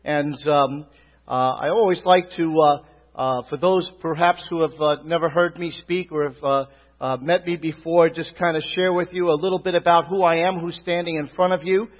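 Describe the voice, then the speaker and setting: A man's voice: on the high side, fairly even intonation, moderate pace. A middle-aged man with a Brooklyn accent, a rabbi and pastor preaching a folksy sermon full of fillers and calls of "Amen?". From Brooklyn, New York. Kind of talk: sermon greeting and testimony. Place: church sanctuary. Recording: reverberant hall, dull lo-fi sound.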